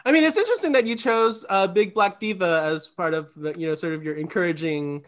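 A man with a high voice hosts a podcast. He reflects aloud in a loose, rambling way, full of small fillers. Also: brisk, fairly bright tone. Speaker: podcast host. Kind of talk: casual interview chat.

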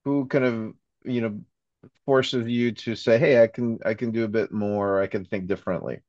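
A man's voice: lowish voice, fairly even intonation, moderate pace, darkish tone, dry recording. A man hosting a podcast, asking his guest questions with lots of restarts and fillers. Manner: hesitant, filler-heavy questioning. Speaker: podcast host. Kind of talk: interview questions. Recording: dull, dry lo-fi audio.

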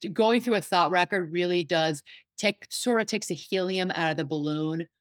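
A woman psychotherapist and life coach talking in a casual interview, animated and storytelling, acting out what others said. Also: on the low side, normal speed, dry recording. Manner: animated storyteller, acts out quoted voices.

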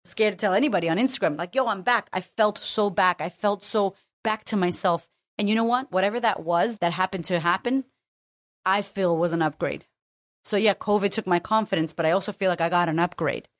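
A woman's voice: lowish voice, a little fast, dry recording, studio quality. A woman confidence coach talking candidly and emphatically in a motivational monologue, swearing freely.

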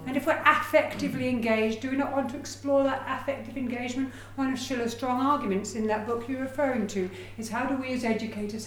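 A woman giving a lively, chatty lecture on her research, with personal asides. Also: on the high side, reverberant, a little hiss or hum. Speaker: education researcher giving a talk. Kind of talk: lecture presentation.

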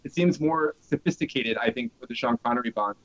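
A man's voice: mid-range voice, brisk, a bit bright. A man co-hosting a podcast, chatting in a teasing, talkative way. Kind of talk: casual chat. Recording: dull lo-fi sound.

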